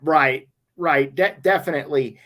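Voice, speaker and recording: A man from the Las Vegas area hosting a casual sports show, his voice pitched high for a man. He talks in a halting way, stammering over restarts and filling pauses with "you know.". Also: pushed and bright.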